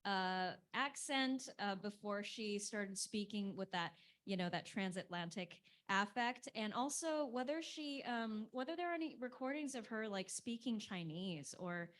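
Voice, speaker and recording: A woman's voice: mid-range voice, animated, measured pace, hardly any pauses, fairly bright tone. A woman in the audience asking the panel a question, hesitant and curious, with many fillers.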